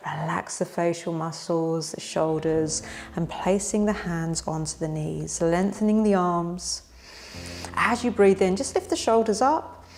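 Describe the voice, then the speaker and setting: Calm woman guiding a slow yoga class. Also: lowish voice, a little hiss or hum. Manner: calm, slow, soothing cues. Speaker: yoga instructor. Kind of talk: guided yoga instruction.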